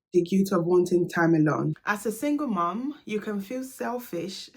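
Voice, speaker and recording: A young woman, a single mother, talking candidly to camera in a vlog, confiding and laughing now and then. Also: mid-range voice.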